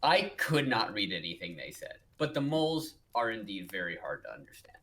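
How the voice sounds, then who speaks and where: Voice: mid-range voice, sing-song, a little fast, bright, forceful tone. Co-host cracking jokes in a book chat, voice goes up and down a lot, laughs easy. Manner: laughing, joking, chiming in. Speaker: podcast co-host. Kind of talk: casual book review chat.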